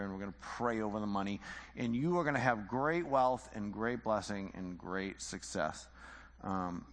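A man's voice: fairly low pitch, fairly bright tone, in a large hall. A man teaching the Bible informally, conversational and full of rhetorical questions and repeated phrases.

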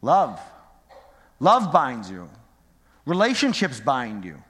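Slow and fairly bright, the middle-aged pastor's medium-pitched voice swings hugely in pitch as he delivers a sermon. Recorded in an echoey church hall, he is casual and joking, peppering the congregation with rhetorical questions.

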